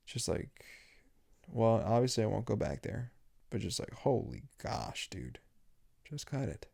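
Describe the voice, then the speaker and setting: A man's voice: mid-range voice, vocal fry, warm tone. A young man hosting his own podcast, rambling casually with lots of cursing and slang. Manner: rambling, profane, lots of "like" and "dude". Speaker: podcast host. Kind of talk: casual solo podcast rant.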